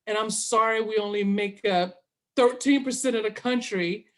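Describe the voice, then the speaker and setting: A woman's voice: mid-range voice, moderate pace. A middle-aged woman telling a long story in a casual interview, acting out both sides of the conversation. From Southern US. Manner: animated, quotes herself and others in dialogue.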